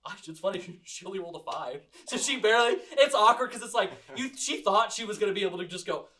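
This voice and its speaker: A man narrating as game master of a tabletop game, animated and laughing often, with many fillers. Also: high-pitched, quick pace.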